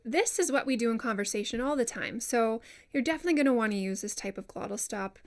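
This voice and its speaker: Chatty woman voiceover coach, higher voice. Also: fast talker. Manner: chatty and self-deprecating, demonstrating words aloud. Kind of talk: casual instructional talk.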